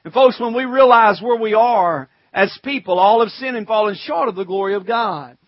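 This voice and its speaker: High-voiced preacher man, lo-fi recording. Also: moderate pace, no echo. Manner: conversational preaching, calls to the congregation; reads scripture in old-fashioned wording. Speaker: pastor. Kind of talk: sermon.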